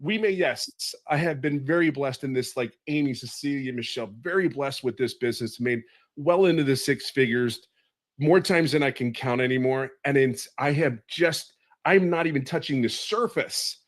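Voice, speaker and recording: A man's voice: medium pitch, moderate pace. Fifties man, emotional webinar testimonial, urgent and sincere, repeats key phrases. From California. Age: 50s. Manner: earnest, pleading, repeats phrases for emphasis.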